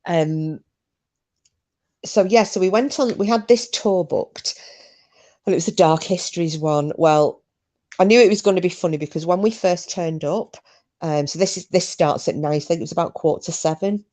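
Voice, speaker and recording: A woman's voice: fairly low pitch, normal speed, warm tone. A woman hosting a podcast, telling a story in a chatty, rambling way with frequent ums. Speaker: podcast host. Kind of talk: casual chat.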